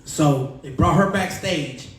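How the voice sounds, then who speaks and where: A man who is a radio personality, telling lively, slang-heavy stories as a podcast guest. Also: a little high, slow. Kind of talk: animated storytelling. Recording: echoey room, distant mic.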